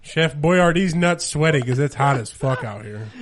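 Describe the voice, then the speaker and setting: A man's voice: a little high, expressive, moderate pace, crowd noise. A man co-hosting a casual chat outdoors, profane, boastful and teasing.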